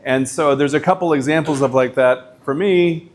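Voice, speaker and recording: A middle-aged man, a visiting professor, giving a lecture in a casual, animated storytelling way with lots of filler words. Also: a little high, moderate pace, a little hiss or hum.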